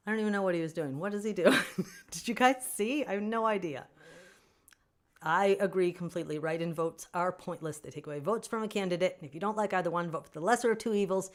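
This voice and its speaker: A woman hosting a casual livestream Q&A for fans, answering viewer comments in an animated, opinionated way and laughing often. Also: fairly low pitch, quick pace. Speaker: author hosting a fan Q&A stream.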